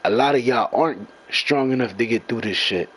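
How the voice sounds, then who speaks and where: A man's voice: mid-range voice, brisk, a bit bright, breathy edge, low-quality recording. A young man in a heated, profane rant to his followers. He talks in a mid-range voice, circles back over the same points, and keeps turning on his critics. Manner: profane, repetitive, confrontational. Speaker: gamer venting to followers. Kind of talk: angry rant.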